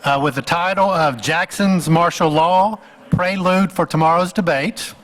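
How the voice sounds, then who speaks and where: A man's voice: on the high side, measured pace, a bit bright. A man who hosts a symposium introduces the next speaker by reading out his credentials. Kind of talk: formal introduction. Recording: echoey hall.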